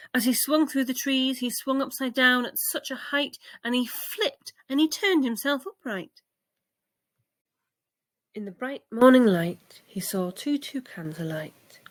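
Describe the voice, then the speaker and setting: A woman reading a children's bedtime story aloud in a gentle, expressive way. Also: fairly high pitch, dry recording.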